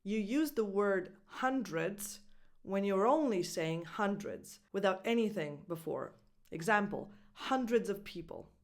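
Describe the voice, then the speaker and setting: A woman coaching English pronunciation, saying each word slowly and repeating it for drilling. Her first language is Italian. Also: mid-range voice, lively intonation. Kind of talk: pronunciation lesson.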